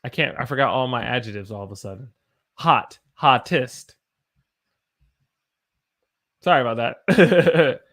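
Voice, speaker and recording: Brief: American male English teacher, mid-pitched voice, casual live-stream talk that answers viewers between examples. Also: animated, fast talker, few pauses. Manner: stops to self-correct and search for examples.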